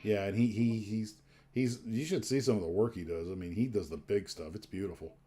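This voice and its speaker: A man's voice: fairly low pitch, brisk, mellow. A man hosting a casual livestream chat, rambling along with lots of fillers and restarts. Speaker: livestream host.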